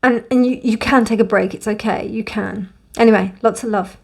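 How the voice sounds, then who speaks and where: A young woman gives a casual, gently emotional tarot card reading in a warm, reassuring way. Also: a little high, steady tone, normal speed, vocal fry. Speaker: tarot reader.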